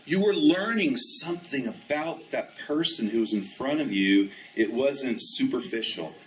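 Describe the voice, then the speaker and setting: Lively man in his fifties telling a story. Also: medium pitch, unhurried, recorded from a distance, a little hiss or hum, rough recording. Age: 50s. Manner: animated storyteller, acts out dialogue. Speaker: ski instructor trainer. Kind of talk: storytelling presentation.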